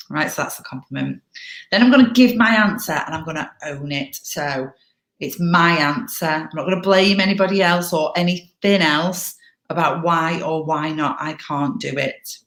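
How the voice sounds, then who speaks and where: A woman's voice: fairly low pitch, fairly quick. A woman giving an upbeat, chatty workshop presentation on assertiveness. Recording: echoey room.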